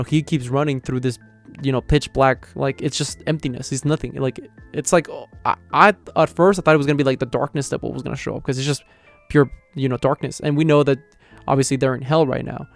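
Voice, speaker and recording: A man as a casual YouTube manga reviewer, mid pitch, animated retelling, filler-heavy. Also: creaky. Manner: rambling, lots of "like" and "you know" fillers. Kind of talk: casual chapter review and reaction.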